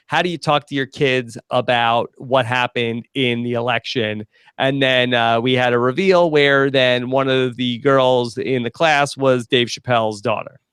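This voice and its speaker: A man's voice: medium pitch, fairly bright tone, clean tone, no room sound, studio quality. A man hosting a TV recap podcast, chatting loosely with frequent fillers and restarts. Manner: loose, hesitant, full of fillers. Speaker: podcast host. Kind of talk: casual podcast chat.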